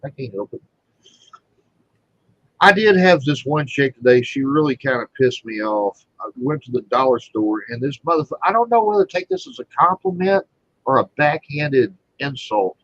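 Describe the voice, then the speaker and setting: A man's voice: medium pitch, animated, moderate pace, fairly bright tone, no room sound, dull audio. A man hosting a livestream, telling rambling, profane stories in casual chat. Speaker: livestream host.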